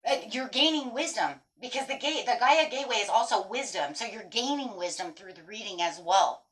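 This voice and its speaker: Animated woman giving a tarot reading. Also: a little high, brisk. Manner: animated, emphatic, swears casually, talks straight to viewers. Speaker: tarot reader. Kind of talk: casual tarot reading monologue.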